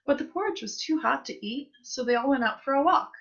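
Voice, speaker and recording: A woman reading a story aloud at a reading event, in an expressive, sing-song delivery. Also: high voice, brisk, vocal fry. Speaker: reader. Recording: muffled live-stream audio.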